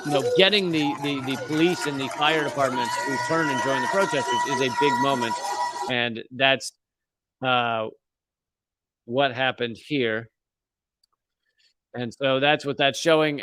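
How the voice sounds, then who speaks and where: Medium-pitched and fairly bright, with no echo, the voice belongs to an American man hosting a live show. He riffs sarcastically on current events in a casual rant, poking fun at pronunciations, laughing often, and tripping into restarts mid-joke.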